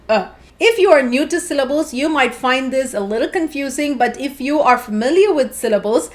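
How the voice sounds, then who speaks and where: Lady explaining phonics to parents, slightly high voice, sounds out each syllable slowly. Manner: clear, careful sounding-out of syllables. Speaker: phonics teacher. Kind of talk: instructional video narration.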